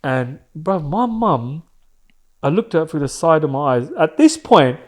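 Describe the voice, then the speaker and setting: A man's voice: on the high side, lively intonation, measured pace. A man, a podcast guest telling an emotional personal story in a candid, slangy way with some swearing.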